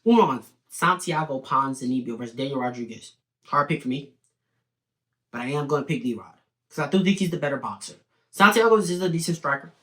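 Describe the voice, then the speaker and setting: A young man giving opinionated, animated fight predictions in a casual video commentary. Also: medium pitch. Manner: opinionated, animated, talks in quick bursts with restarts. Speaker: sports betting and fight prediction host.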